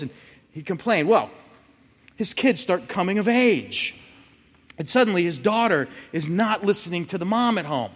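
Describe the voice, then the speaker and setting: A man's voice: high voice, very animated, moderate pace, husky, big-room sound. A male pastor giving a sermon in a conversational way, often checking in with "right?". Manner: conversational, frequent "right?" asides.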